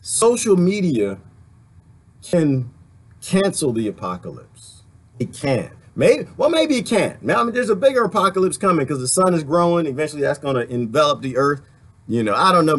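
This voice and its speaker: A man giving a rambling, animated political rant to his online viewers, talking straight to them and laughing along the way. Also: a little high, normal speed. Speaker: vlogger.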